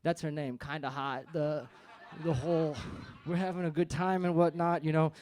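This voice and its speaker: A man's voice: a little high, steady tone, moderate pace, a little mellow, slight background noise. A man doing stand-up, telling a story in a loose, rambling way full of fillers. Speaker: comedian. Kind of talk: stand-up comedy.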